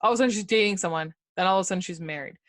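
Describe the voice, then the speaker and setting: A woman's voice: lowish voice, rapid-fire, no echo, clean studio sound. A woman co-hosting a podcast, chatting casually about celebrity news, using "like" often and acting out other people's lines. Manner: chatty, lots of "like", quotes others in voices. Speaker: podcast co-host. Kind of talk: casual pop culture chat.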